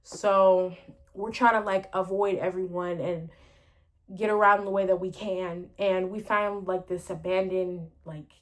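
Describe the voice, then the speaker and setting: A woman's voice: lowish voice, fairly even intonation, unhurried. A woman telling a story in a casual vlog, rambling with lots of fillers and sounding exasperated. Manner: exasperated, venting retelling. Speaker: storyteller vlogger.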